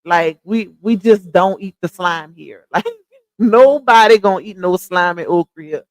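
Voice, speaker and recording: A woman's voice: fairly low pitch, a little slow, no room sound. A young woman with a Louisiana Southern accent, chatting casually with her livestream viewers and laughing often. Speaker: livestream host.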